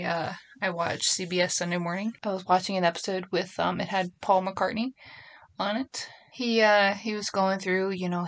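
A middle-aged woman hosting her own podcast, chatting casually and rambling from a small closet at home. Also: fairly low pitch. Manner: chatty, rambling, self-deprecating. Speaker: podcast host. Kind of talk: casual solo podcast chat. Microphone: phone and computer.

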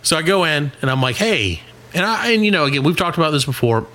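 A middle-aged man on a comedy podcast telling a long story in a casual, animated way, swearing and acting out what other people said. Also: on the high side, fast talker. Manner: animated, swearing, acts out quoted voices. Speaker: podcast co-host.

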